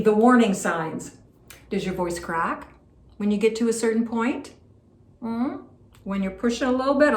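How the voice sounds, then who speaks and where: Emphatic woman vocal coach, roomy echo. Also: mid-range voice. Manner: animated, emphatic, rhetorical "right?" asides. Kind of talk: instructional talk to camera.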